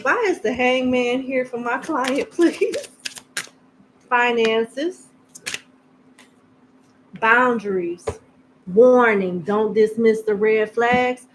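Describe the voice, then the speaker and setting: A woman's voice: on the high side, extremely slow, long pauses, noisy background. A woman giving a casual tarot reading in a blunt, joking, slangy way. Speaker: tarot reader.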